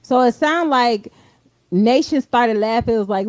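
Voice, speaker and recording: A woman with a high, lively voice runs a casual reaction stream, dishing blunt and profane gossip. She sits close to a dry mic with no room sound at all. Every so often she slips into quick impressions of the people she's reacting to. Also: no echo. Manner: mimics the clip in quoted voices. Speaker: stream host.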